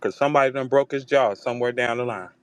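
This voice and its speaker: Brief: profane, animated male talk host, mid-pitched, dry mic. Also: quick pace, smooth, no room sound. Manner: profane, animated, slips into mocking voices when quoting. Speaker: host of a battle rap talk space. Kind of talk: casual chat. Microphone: online audio room.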